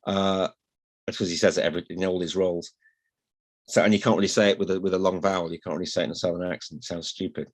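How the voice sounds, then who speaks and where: A middle-aged man from Hull with a slight northern accent and flat vowels, chatting as an interview guest in a rambling, self-deprecating way. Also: deep voice, quick pace. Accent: slight northern English, flat vowels. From Hull, England. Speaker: guest, newspaper columnist. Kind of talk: casual interview chat.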